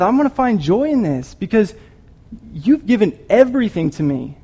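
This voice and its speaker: Man, sermon, earnest and emotional, somewhat high-pitched, muffled lo-fi audio. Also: darkish tone. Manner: earnest, emotional, rambling with restarts and apologies. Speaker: lay preacher. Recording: dull lo-fi recording.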